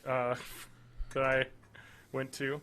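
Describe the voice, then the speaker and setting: A man's voice: mid-range voice, completely flat delivery, extremely slow, fairly bright tone, a little hiss or hum. A man co-hosting a podcast, chatting casually and teasing his friend with jokes. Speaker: podcast co-host. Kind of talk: casual chat.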